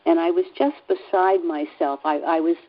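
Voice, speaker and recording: A woman sharing a personal story in a group call, earnest and halting, with many fillers and restarts. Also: on the low side, very animated, creaky, narrow, tinny audio. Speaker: class participant.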